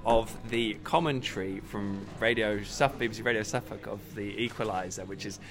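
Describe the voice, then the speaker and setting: A man's voice: fairly low pitch, moderate pace, a bit bright. Guy hosting a live footy show in a pub, jokey, reads out viewer questions and keeps it moving. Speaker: host.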